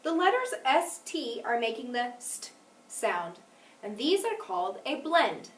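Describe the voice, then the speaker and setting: Lively-voiced woman teaching phonics. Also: on the high side, slight background noise. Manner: clear deliberate teaching, stresses example words. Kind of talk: phonics lesson. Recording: echoey room, mic at a distance.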